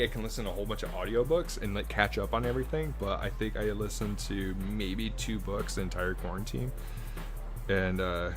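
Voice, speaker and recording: Young guy, gravelly low voice, rambling live-stream chat, close mic, music faint behind. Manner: rambling, self-deprecating, chatty with filler words. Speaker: artist drawing live. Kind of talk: casual live-stream chat while drawing. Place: hot room at home. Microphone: good desk mic up close.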